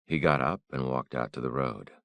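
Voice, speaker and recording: Audiobook narrator, man, somber, very deep, gravelly. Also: normal speed, fairly bright tone, dry recording, clean studio sound.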